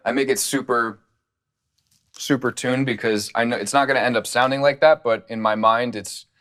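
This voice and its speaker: A man talking casually through his studio process as a music producer, relaxed and rambling with plenty of fillers, on a studio condenser mic. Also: mid-range voice, normal speed.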